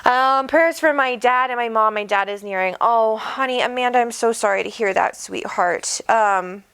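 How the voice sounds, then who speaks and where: Woman host, chatty livestream, bubbly and warm toward viewers, home mic. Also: a little high, moderate pace, smooth. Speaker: psychic medium host. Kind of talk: casual livestream chat. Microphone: desk microphone.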